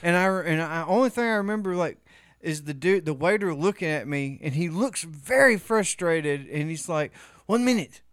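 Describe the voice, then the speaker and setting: High-pitched guy rambling thru a funny story, smooth voice, cusses a lot. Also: expressive, normal speed, fairly bright tone, no echo, clean studio sound. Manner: rambling storyteller, swears, laughs often. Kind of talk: casual chat.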